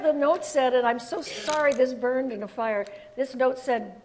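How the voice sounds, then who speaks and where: An older woman from Puerto Rico, a guest telling lively stories in an interview and laughing often. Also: high voice, normal speed, hardly any pauses, some chatter behind, a little hiss or hum. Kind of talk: anecdotal storytelling in an interview.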